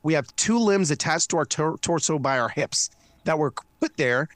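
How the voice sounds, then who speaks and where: A man as an interview guest, talking in a casual, earnest and animated way with frequent restarts. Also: a little high, moderate pace, no room sound. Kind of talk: casual conversational storytelling. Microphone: studio mic.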